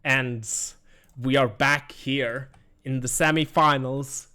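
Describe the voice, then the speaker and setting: A man's voice: medium pitch, steady tone, takes it slowly, bright, forceful tone, smooth. A man casting an esports tournament, walking through results with small self-deprecating jokes. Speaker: esports caster. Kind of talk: tournament commentary.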